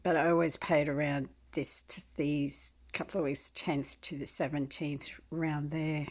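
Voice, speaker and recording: A woman in her sixties, rambling through a complaint to the camera and clearing her throat often. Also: deep voice, level tone, normal speed. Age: 60s.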